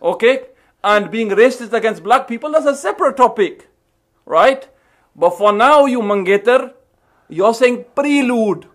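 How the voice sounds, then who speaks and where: A man's voice: extremely high pitch, lively intonation, measured pace. A man from England, hosting and mocking someone in scornful, emphatic commentary. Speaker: host.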